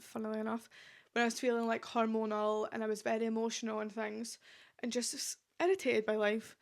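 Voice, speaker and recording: Woman, podcast host, casual rambling chat, slightly high and gravelly, lots of fillers. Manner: chatty, rambling, heavy use of "like" fillers. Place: at home. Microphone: podcast microphone.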